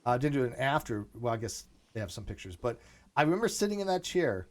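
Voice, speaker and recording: A man's voice: medium pitch, fast talker. A man hosting a casual live online chat, talking animatedly and often restarting his sentences. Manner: animated, repeats words when starting sentences. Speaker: host; military veteran.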